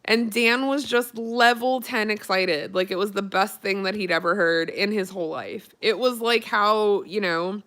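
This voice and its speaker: A woman's voice: mid-range voice, fairly even intonation, unhurried, few pauses, a bit bright. A young woman telling a personal story in a casual vlog, chatty and full of "like", emotional as she recalls it. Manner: chatty, peppered with "like", emotional retelling. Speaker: vlogger.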